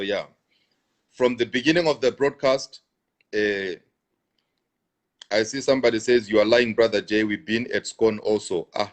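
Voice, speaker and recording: A man preaching on a live stream who answers viewers, repeats his lines for emphasis and restarts often. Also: mid-range voice. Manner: repetitive, emphatic, stammering restarts.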